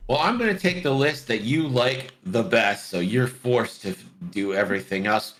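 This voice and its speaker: A man chatting casually as a guest on a video call, talking fast and joking. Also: mid-range voice, slight background noise. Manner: fast, animated, jokey. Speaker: guest commentator. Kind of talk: casual chat.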